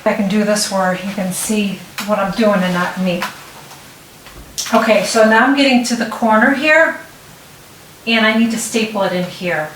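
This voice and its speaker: A middle-aged woman hosts a relaxed hands-on tutorial, chatting as she works and often pausing to check in. Her voice sounds set back from the mic in a roomy space. A faint hiss sits under it. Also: medium pitch, recorded from a distance. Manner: chatty, talks while working, frequent restarts and "okay?" check-ins. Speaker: DIY tutorial host. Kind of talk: casual step-by-step demonstration.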